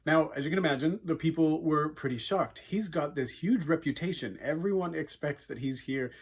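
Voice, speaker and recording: Husky guy, slightly high voice, earnest chatty youth talk with lots of uhs. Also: moderate pace. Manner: earnest, conversational, with frequent fillers. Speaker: youth speaker. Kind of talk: devotional talk retelling a Bible story.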